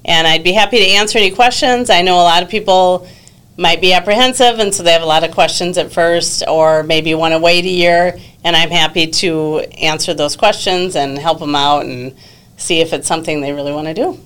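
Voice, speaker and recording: A woman's voice: fairly low pitch, a little fast, a bit bright, clear, resonant tone. A woman being interviewed as an exchange program coordinator, explaining things in a friendly way with fillers. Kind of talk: casual interview talk.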